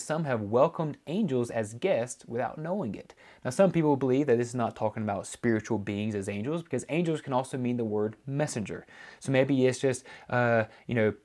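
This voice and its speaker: A man's voice: medium pitch, brisk, a little mellow. A man preaching a teaching sermon, explaining scripture in a loose way with frequent fillers and restarts. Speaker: pastor.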